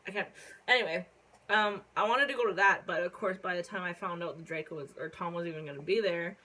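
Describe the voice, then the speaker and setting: A young Canadian vlogger tells a casual story on her phone vlog, rambling with plenty of fillers and casual swearing while she hiccups and repeatedly clears her throat. Her voice is on the low side, quick and sharp-toned, and the recording is rough.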